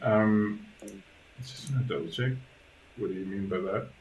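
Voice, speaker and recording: A man narrating a tabletop game as game master, hesitant with many pauses and restarts. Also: lowish voice, echoey room, slight background noise, poor audio. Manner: hesitant, lots of ums and restarts.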